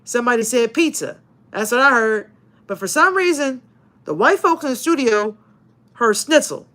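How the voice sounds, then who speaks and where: A woman's voice: on the high side, animated, normal speed, a bit bright. A woman chatting casually on a livestream, reading viewer comments, laughing often and swearing playfully in slang. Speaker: YouTuber and paranormal investigator.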